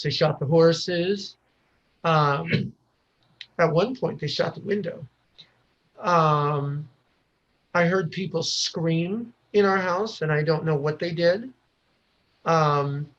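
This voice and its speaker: Man from the US, guest telling a story, higher-pitched, very slow and halting, dull lo-fi sound. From United States. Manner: halting, with frequent pauses and restarts. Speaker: podcast guest. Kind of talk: personal storytelling. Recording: dull lo-fi recording.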